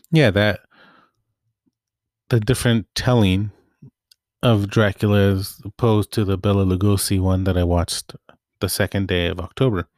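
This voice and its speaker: A young male movie vlogger with a low voice gives a loose, rambling film recap, relaxed and frequently fixing his own sentences halfway through. The recording is studio quality with no room sound.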